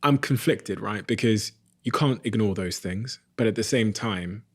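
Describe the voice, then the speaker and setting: Man, podcast host, halting reflective speech, fairly low voice, dry close mic. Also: no echo. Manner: thoughtful, halting, searching for words. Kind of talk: reflective interview questions.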